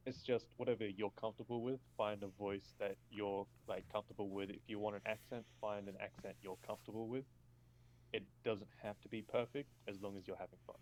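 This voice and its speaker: Low, flat-voiced game master. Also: male voice, brisk, slight background noise, low-quality recording. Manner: rambling, many "like"s and fillers. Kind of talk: casual chat on a voice call.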